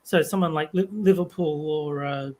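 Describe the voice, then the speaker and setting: A man with a notably high voice chats on a podcast. He talks in a relaxed way and pauses with small hesitations as he works out his points. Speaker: podcast co-host. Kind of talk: casual chat.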